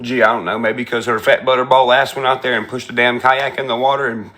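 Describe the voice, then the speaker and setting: Sarcastic, foul-mouthed man with a bright voice ranting a story. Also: medium pitch, steady tone, fast, few pauses. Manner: profane, sarcastic, mimics people he quotes. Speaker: content creator in a clip being reacted to. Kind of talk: storytelling rant.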